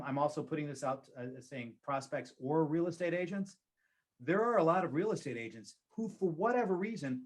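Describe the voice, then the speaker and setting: Man, real estate agent, mid-pitched voice, conversational advice, emphatic, repeats for stress.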